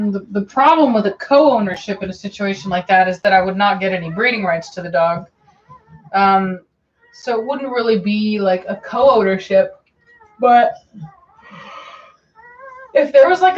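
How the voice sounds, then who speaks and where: A woman dog breeder talks casually on her livestream and wanders from point to point. She fills gaps with ums and says things twice. Her voice sits in a middle pitch, and the audio is dull and lo-fi. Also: moderate pace, pauses often. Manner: chatty and meandering, with many ums and repeats. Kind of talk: casual livestream chat answering viewer questions.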